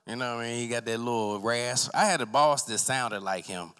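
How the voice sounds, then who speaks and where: A young man doing a loose, rambling open mic stand-up set, acting out characters in loud voices. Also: medium pitch, a little fast, clean tone. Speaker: stand-up comic. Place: small arts center stage with a live audience.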